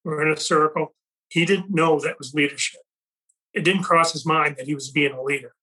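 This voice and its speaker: A man talks in an earnest, reflective way as a podcast host in casual conversation. His voice is slightly high and bright, with a forceful edge. He restarts his sentences often as he thinks aloud. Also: steady tone, moderate pace, breathy edge, poor audio. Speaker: podcast host and company leader.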